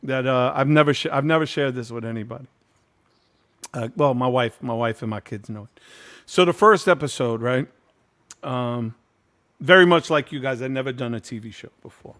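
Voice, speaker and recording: A man in his fifties hosts a casual reunion over a video call, telling a long behind-the-scenes story in a frank, profane way. He acts out other people's lines as he goes, and his voice sits at an ordinary middle pitch. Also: moderate pace. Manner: candid, profane, animated storyteller acting out quotes. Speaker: host.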